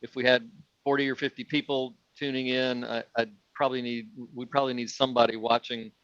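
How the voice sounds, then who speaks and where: A man's voice: medium pitch, level tone, a little fast, fairly bright tone, dry recording. A man organizing a photo workshop, thinking aloud in a casual group discussion with plenty of fillers and restarts. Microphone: video call. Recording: dull lo-fi video call audio.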